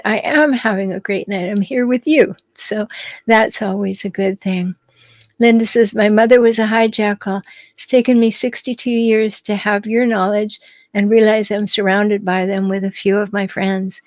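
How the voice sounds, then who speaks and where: A woman in her sixties talks to her viewers in a gentle, reassuring tone, reading their comments aloud and answering each one. Her voice sits at an ordinary pitch. It is recorded close, with a dry sound and no room echo. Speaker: podcast host reading live comments. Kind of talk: live-stream chat with viewers.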